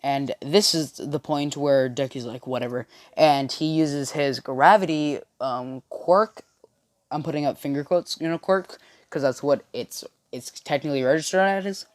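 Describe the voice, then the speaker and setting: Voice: mid-range voice, a little slow, dry recording, studio quality. A young storyteller casually retelling a fan-made anime story from a bedroom, rambling and restarting, with constant "you know" fillers. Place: own bedroom with friends nearby.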